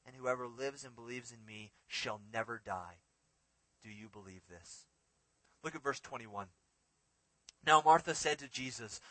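A man preaching a sermon, swinging between emphatic raised lines and hushed quiet ones as he reads and explains scripture. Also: mid-range voice, measured pace, pauses often, no echo, low-quality recording. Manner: expressive, rising to emphatic peaks and dropping to hushed lines.

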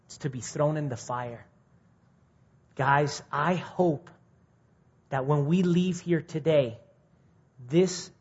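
Husky guy preaching to the men's group, earnest, goes loud then soft, muffled lo-fi recording. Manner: earnest, rising to indignant mimicry, then dropping quiet. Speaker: speaker at a men's ministry meeting. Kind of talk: informal sermon. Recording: muffled low-fidelity recording.

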